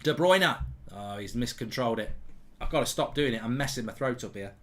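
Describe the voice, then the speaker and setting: A middle-aged man hosting a live football watchalong, giving jokey, animated commentary. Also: mid-range voice. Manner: animated, jokey, quick asides. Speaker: host.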